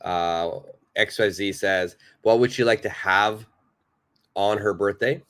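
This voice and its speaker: A man's voice: lowish voice, slow, a bit bright, smooth. A man teaching a live online English lesson, patiently repeating and praising viewers' answers.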